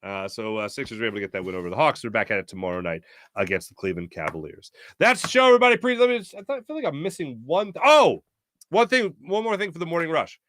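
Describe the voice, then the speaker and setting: A man's voice: a little high, a bit bright, no echo, studio quality. An American man hosting a sports talk show, rambling and opinionated, with many fillers. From United States. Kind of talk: casual sports talk monologue.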